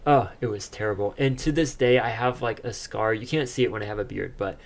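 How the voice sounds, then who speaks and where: A man's voice: fairly low pitch, brisk, creaky. Young man telling a story. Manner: animated storytelling, laughs often. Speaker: podcast co-host. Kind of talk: casual chat.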